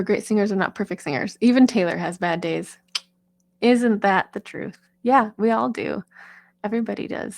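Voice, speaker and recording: A woman's voice: medium pitch, vocal fry, no room sound. A woman singer and vocal coach giving chatty, encouraging advice in a casual talk, with lots of fillers.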